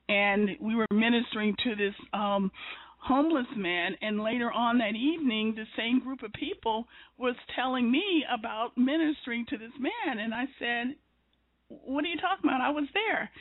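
A woman host talking earnestly, often restarting her sentences and dipping into soft whispered asides. Her voice comes over a tinny, phone-like line with a dry, close sound. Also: fairly high pitch, no echo. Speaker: interviewer and show host. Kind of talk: conversational faith interview.

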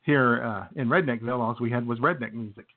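A man co-hosting a radio talk show, rambling through stories with plenty of fillers. His pitch sits in the middle. The sound is tinny and phone-like. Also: fast talker. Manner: rambling storyteller with many fillers. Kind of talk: casual chat.

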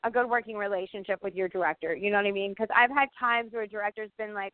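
A woman's voice: mid-range voice, steady tone, rapid-fire, hardly any pauses, no room sound. A middle-aged woman, a guest actress, telling set stories in casual chat, emphatic and full of "you know what I mean". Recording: tinny dry phone-like line.

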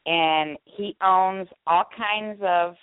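Low-voiced woman co-host, phone line. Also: extremely slow, clean tone, no echo. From St. Louis area. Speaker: show co-host. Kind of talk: casual chat on internet radio. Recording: tinny phone-line audio.

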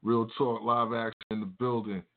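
A man's voice: medium pitch, little pitch movement, moderate pace. Laid-back slangy man on a tinny line. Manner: laid-back street slang, many fillers. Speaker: radio show host. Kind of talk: casual talk radio chat. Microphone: Facebook live stream.

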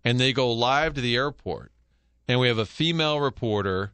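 A middle-aged man hosting sports talk radio from a studio, telling animated stories with quick jokes. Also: mid-range voice, clear, resonant tone, no room sound. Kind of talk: casual sports talk banter. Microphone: studio microphone.

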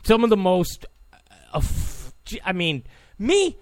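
A man's voice: high-pitched, wildly swooping pitch, slow, dry recording. A man hosting a political talk show, delivering an opinionated, sarcastic monologue full of stammering restarts.

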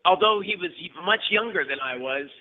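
A man's voice: high voice, expressive, fairly quick, no room sound. A man chatting casually as a guest, rambling with restarts and playful slang. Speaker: guest actor. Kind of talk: casual chat. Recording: phone-like audio.

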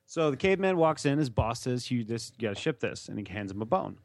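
A man's voice: mid-range voice, sing-song, fast, no room sound, studio quality. A man co-hosting a podcast in casual chat, retelling things in a laid-back, blunt way. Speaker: podcast co-host.

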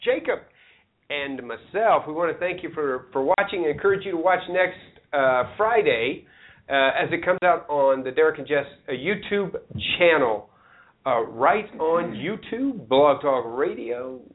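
A man's voice: fairly high pitch, lively intonation, a little slow. A man hosting a local talk show, joking easily and plugging where to watch. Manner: joking and plug-heavy, easygoing. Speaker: show host. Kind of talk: casual talk-show sign-off. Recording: tinny phone-like lo-fi sound.

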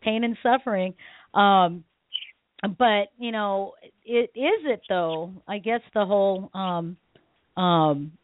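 A woman hosting a talk radio show, telling her own stories in a lively, casual way and laughing often. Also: medium pitch, slow, no echo. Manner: animated storytelling, laughs often. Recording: tinny phone-line sound, dry.

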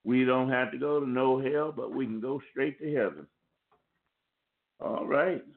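Over a tinny phone line, a pastor delivers a sermon to a conference call in a mid-range voice with vocal fry at a measured pace. He warns his listeners earnestly and repetitively, restarting phrases as he goes.

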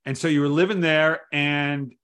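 A man's voice: on the high side, steady tone, moderate pace, fairly bright tone, clear, resonant tone. A man hosting an interview, chatty and exclaiming, often restarting his sentences. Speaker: podcast host. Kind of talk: casual interview chat.

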